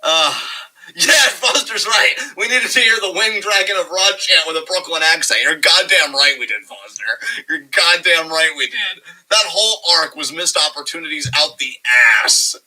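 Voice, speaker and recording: A man co-hosting a casual Q&A show, ranting in a profane, animated way. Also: fairly high pitch, moderate pace, rough recording. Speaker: podcast co-host. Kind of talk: casual chat.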